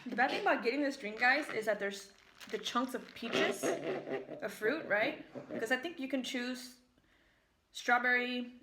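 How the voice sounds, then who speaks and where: Bright-voiced chatty American woman. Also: a little high, a little slow, a little hiss or hum. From United States. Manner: chatty, rambling storytelling with frequent fillers. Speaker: vlogger. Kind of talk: casual mukbang chat while eating. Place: at home, in the kitchen. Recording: echoey room.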